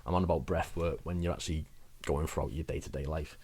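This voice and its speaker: A man's voice: extremely low pitch, steady tone, fast talker, darkish tone, slightly rough. A young man giving rambling, chatty advice in a casual vlog, laughing at himself now and then. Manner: chatty, rambling, self-mocking with frequent laughs. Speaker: wellbeing vlogger.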